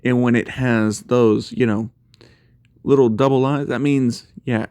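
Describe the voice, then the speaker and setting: A man's voice: mid-range voice, fairly even intonation, measured pace, dark tone, smooth, no room sound, close to an everyday voice. A man voicing a blunt young woman friend in a casual retelling. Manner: reassuring but blunt.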